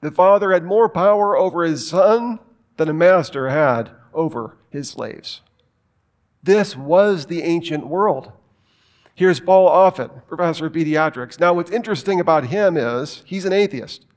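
A man's voice: on the high side, lively intonation, a little slow. A man preaching a sermon in an emphatic way, asking rhetorical questions and making joking asides.

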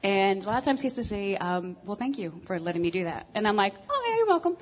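In a rough recording, a woman with a mid-range voice talks fast while giving a group of women a frank, self-mocking talk on marriage. She fills it with plenty of ums and uhs.

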